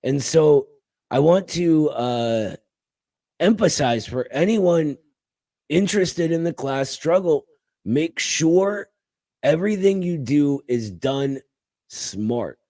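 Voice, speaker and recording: A man's voice: a little high, animated, slow, warm tone, dry recording. A man co-hosting a casual political talk show, speaking emphatically and calling his co-host brother. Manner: emphatic, calls people brother.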